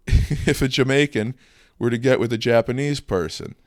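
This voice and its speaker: A young man co-hosting a casual comedy podcast, delivering provocative jokes in a deadpan way. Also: mid-range voice, measured pace, dry recording, clean studio sound. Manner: deadpan, provocative shock humor with frequent laughs. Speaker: podcast co-host.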